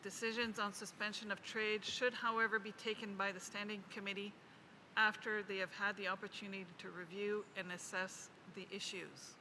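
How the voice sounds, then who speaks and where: A woman delivering a formal, measured statement as a national delegate at a committee meeting, reading proposed text slowly. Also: mid-range voice, level tone, pushed and bright, slight background noise, low-quality recording. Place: large conference hall.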